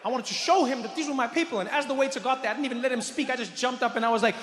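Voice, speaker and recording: A man performing stand-up comedy, animated and telling a story while acting out characters and voices. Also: very high-pitched, rapid-fire, crowd noise. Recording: echoey hall, noisy room.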